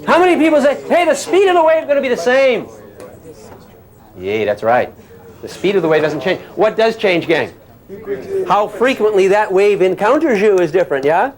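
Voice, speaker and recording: A man's voice: high-pitched, sing-song, normal speed, crowd noise. An older man giving a physics lecture to a class in a playful way, often asking questions and making sound effects.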